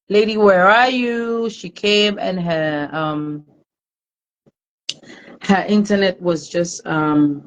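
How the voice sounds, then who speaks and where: A woman hosting a live-streamed talk show, greeting viewers by name and chatting in a warm, emotional way. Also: medium pitch, low-quality recording. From Ghana. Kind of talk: casual live-stream chat.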